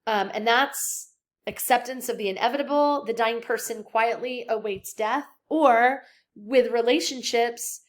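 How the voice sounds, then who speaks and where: Young woman teacher recording a psych lecture, kinda high voice, chatty with lots of ums. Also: measured pace. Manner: conversational, acts out example quotes with filler words. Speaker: psychology instructor.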